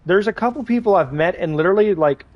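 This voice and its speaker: A streamer chatting loosely over his game, a man with a higher voice who keeps starting sentences over and filling gaps with "like". The sound is close and dry, with no room around it. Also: lively intonation, fast, dry recording, highs cut off. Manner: rambling, heavy use of "like", many restarts. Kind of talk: casual chat while gaming.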